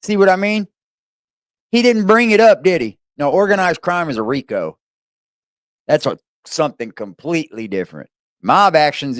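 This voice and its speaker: A man hosting a live reaction stream, talking loudly and profanely in an animated way. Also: medium pitch, dry recording, studio quality.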